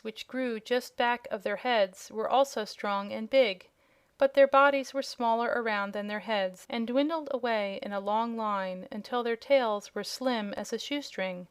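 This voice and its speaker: Casting: woman narrator for a fairy-tale audiobook, clear resonant tone, a touch high, unhurried delivery. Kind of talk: scripted storybook narration.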